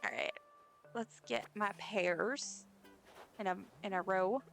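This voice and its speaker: A woman's voice: medium pitch, slow, gravelly, a bit bright, soft background music. A woman streamer chatting casually while playing a game, giggling and talking to the characters on screen. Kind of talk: casual gameplay chat.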